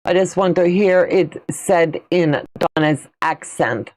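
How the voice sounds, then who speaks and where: A woman's voice: lowish voice, slow pace, few pauses, darkish tone. A middle-aged woman, hosting a casual quilting livestream in a chatty, folksy way while answering viewer comments. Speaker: quilting channel host.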